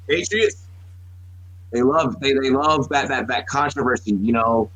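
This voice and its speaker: A man's voice: mid-range voice, a little slow, fairly bright tone, no echo, dull audio. A man in his thirties, a podcast co-host, telling rambling, profane stories in casual sports talk, full of restarts. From United States.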